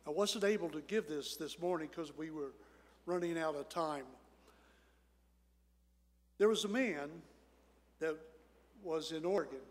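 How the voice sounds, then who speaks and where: High-voiced pastor in a reverberant church. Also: male voice, a little slow, pauses often. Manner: folksy storyteller, soft hushed asides. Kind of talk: sermon with storytelling. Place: church sanctuary. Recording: church hall with long reverb.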